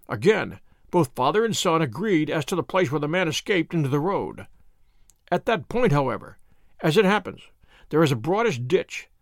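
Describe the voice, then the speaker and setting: A man reading aloud, voicing a confident, sharp detective who explains in a measured way. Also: fairly high pitch, no room sound, clean studio sound.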